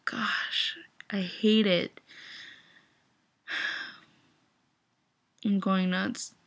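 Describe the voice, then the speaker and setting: A woman's voice: medium pitch, flat delivery, extremely slow, a bit bright. A young woman in an emotional vlog rant, upset and teary, talking with lots of "like". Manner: upset, filler-heavy with frequent "like". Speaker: fan vlogger.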